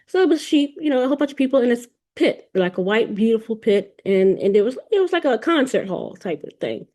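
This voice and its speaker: A woman's voice: a little high, big pitch swings, a little fast, dark tone. A woman hosting a podcast, telling a spiritual vision in a rambling, casual way, often repeating words and restarting sentences. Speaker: podcast host. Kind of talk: casual spiritual storytelling monologue.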